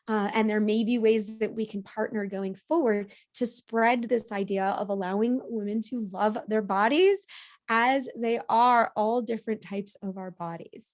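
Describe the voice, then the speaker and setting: A woman speaking as a podcast guest in a casual interview, animated, laughing easily and often restarting her sentences. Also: medium pitch.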